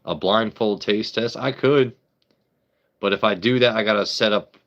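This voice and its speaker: A man's voice: on the low side, moderate pace, a bit bright, highs cut off. A man hosting a casual live stream, rambling, joking with his chat and swearing freely. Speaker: livestream host.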